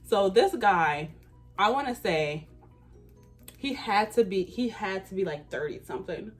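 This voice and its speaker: A young woman in her twenties spins a casual storytime in a lively, swooping voice. She leans on slang and stresses words for emphasis, with faint music playing under her. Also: mid-range voice. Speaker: vlogger.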